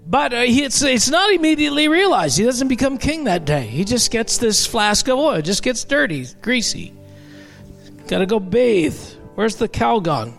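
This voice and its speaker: A man's voice: very high voice, big pitch swings, moderate pace, few pauses, a bit bright, faint music behind. A man preaching a sermon in a conversational way, with joking asides to the congregation. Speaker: pastor.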